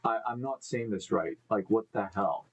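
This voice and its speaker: A man's voice: lowish voice, normal speed, husky, poor audio. Man stumbling through a live-stream news read. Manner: stumbling over names, thinking aloud, joking asides. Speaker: host. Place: indoor room with live beehives.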